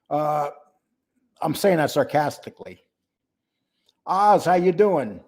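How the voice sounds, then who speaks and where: A man's voice: high-pitched, animated, measured pace, pauses often, a little mellow. Blunt older man hosting a livestream. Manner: greets viewers by name, blunt and mocking. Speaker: livestream host. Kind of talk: casual livestream chat.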